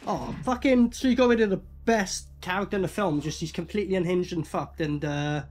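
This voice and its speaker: With slight background noise, a British-accented man speaks briskly in a high voice, casually reacting to a horror film. The reaction host stays animated, swearing and laughing while repeating the film's lines.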